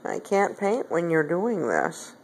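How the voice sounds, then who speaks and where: Slow, swooping woman cooing at her cat. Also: huge pitch swings, a little hiss or hum. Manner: coaxing, affectionate pet talk with swoops up high. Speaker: pet owner. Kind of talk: casual talk to a pet cat. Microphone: phone camera.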